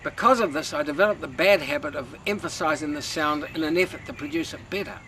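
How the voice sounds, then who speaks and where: Bright-voiced man teaching singing. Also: a little high, slight background noise, poor audio. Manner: calm, measured explanation. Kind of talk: instructional talk.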